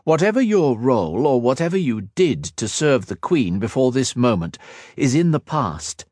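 A man voices a stern, commanding young mage lord, barking clipped orders in a raised voice pitched above his own natural one. His medium-pitched delivery is very animated and moderately paced, recorded in a clean studio with no room sound.

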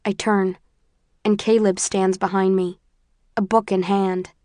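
Woman, first-person audiobook narration, measured and subdued, dry close mic. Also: mid-range voice, level tone, a little mellow, no room sound.

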